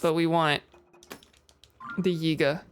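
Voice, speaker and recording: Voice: medium pitch, steady tone, slow, faint music behind. Rambling, self-interrupting game streamer. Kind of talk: casual gameplay commentary.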